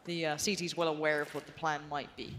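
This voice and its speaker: A woman giving live color commentary as an esports co-caster, excitable and prone to shrieks on big plays. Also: deep voice, fast, background noise. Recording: game clicks behind.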